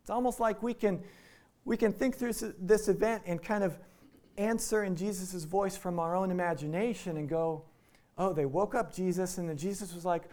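A man's voice: a little high, normal speed, mellow. A man from Iowa preaching a sermon in a conversational way, acting out the quoted lines. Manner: conversational, acts out quotes in voices. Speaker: pastor.

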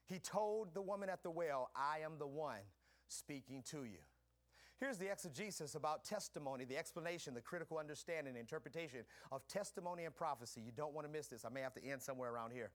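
A man preaching a sermon, calling out to his congregation and swinging between quiet teaching and shouting. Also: a little high, animated, quick pace. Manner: preaching with call-and-response, swinging from soft to shouting. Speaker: pastor.

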